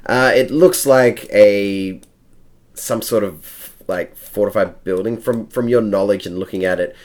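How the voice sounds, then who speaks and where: A very low male voice guiding players through a tabletop game. He hesitates often and fills gaps with ums and uhs while he describes the scene. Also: a little slow. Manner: hesitant, many fillers. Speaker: game master.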